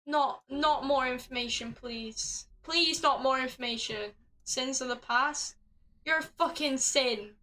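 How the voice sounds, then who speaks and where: Reading puzzle-game text aloud on her stream, a young woman speaks a little slowly in a high voice, swearing plenty out of frustration. Her casual live commentary is exasperated and punctuated by loud laughing rants. The recording quality is low.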